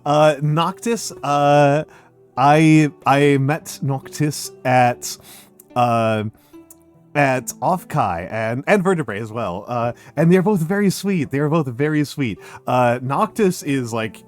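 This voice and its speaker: Slow-talking man streamer, chatty. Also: mid-range voice, soft background music. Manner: slow, chatty, laughing often, with many fillers. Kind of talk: casual live-stream chat.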